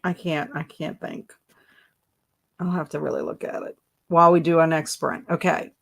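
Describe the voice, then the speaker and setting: A woman's voice: sits low, flat delivery, moderate pace, creaky. A woman hosting a casual live stream, reading chat comments aloud and breaking into laughing fits. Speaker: livestream host.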